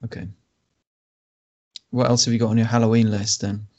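A man hosting a games podcast, talking in an easygoing way and thinking out loud. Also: fairly low pitch, flat delivery, normal speed, highs cut off. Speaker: podcast host. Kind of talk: casual chat.

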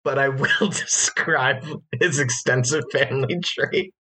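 A man's voice: mid-range voice, a little slow, bright, forceful tone, husky. A man describing his tabletop game character, hesitant and full of fillers, often fighting back laughter. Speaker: player.

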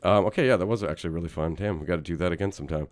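A man's voice: sits low, rapid-fire. A man hosting a casual podcast chat. He rambles, swears casually and laughs often. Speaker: podcast host.

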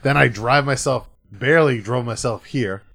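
A man co-hosting a podcast, telling a story in casual chat, profane and animated. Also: medium pitch, normal speed, vocal fry, no room sound. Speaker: podcast co-host.

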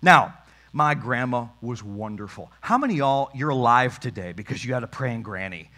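A man's voice: medium pitch, expressive, moderate pace, bright, forceful tone. A man preaching a sermon as pastor, talking straight to his congregation with emphasis.

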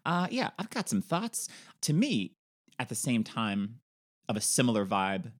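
A man's voice: medium pitch, sing-song, a little slow. A man co-hosting a podcast, chatting enthusiastically about film casting and jumping between ideas. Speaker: podcast co-host.

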